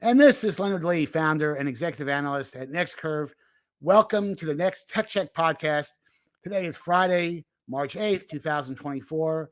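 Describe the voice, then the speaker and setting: A man hosting a tech podcast in casual chat, talking in an animated way with lots of fillers and restarts. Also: a little high, normal speed, no echo. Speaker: podcast host and tech analyst. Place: remote recording.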